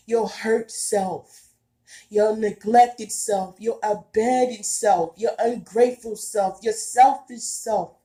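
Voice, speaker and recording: A woman speaks straight to her viewers about spiritual growth in a casual, heartfelt way. She talks slowly, leaning on repetition for emphasis, and her voice has a dark, mellow tone. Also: medium pitch. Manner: earnest and emphatic, repeats herself, casual colloquial speech. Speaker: spiritual vlogger.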